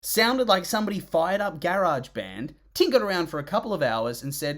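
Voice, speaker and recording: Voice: mid-range voice, big pitch swings, a little fast, few pauses, a bit bright. Sarcastic, exasperated film reviewer. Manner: groans and sighs in disgust. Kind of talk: scripted comedic review narration.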